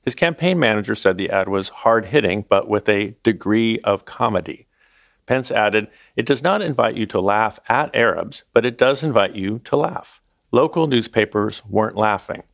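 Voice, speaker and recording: A man narrating a documentary as its host, in a measured, scripted delivery. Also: fairly low pitch, animated, gravelly, no room sound, clean studio sound.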